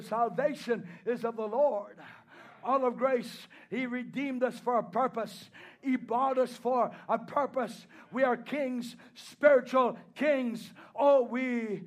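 A man preaching a sermon, swinging between hushed pleading and loud shouted declarations, punctuated by repeated hallelujahs and amens. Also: extremely high pitch.

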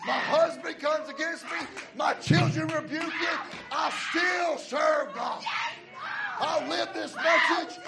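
High-voiced woman preacher shouting a sermon. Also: reverberant. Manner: impassioned, shouting, rhythmic repetition. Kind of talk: Pentecostal-style shouted sermon. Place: church with a congregation. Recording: live church sermon with crowd noise. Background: congregation audible.

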